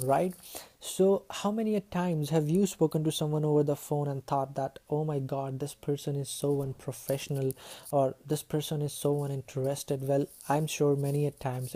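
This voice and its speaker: A woman's voice: sits low, dark tone. A woman teaching a lesson to camera, chatty, ending her points with tag questions. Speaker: communication skills teacher.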